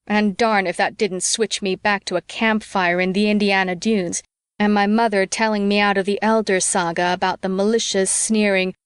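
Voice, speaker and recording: A woman reading a novel aloud as a steady first-person audiobook narrator. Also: medium pitch, normal speed, clean tone, no echo, clean studio sound.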